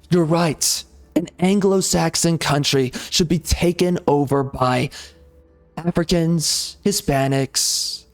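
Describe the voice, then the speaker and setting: A man's voice: on the high side, darkish tone. A man ranting sarcastically and repetitively while commenting over gameplay. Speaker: gaming video host.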